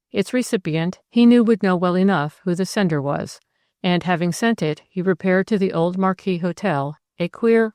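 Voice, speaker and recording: Woman reading an audiobook, steady and measured, lowish voice, dry close sound. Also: clear, resonant tone, no echo. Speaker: audiobook narrator. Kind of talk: scripted narration.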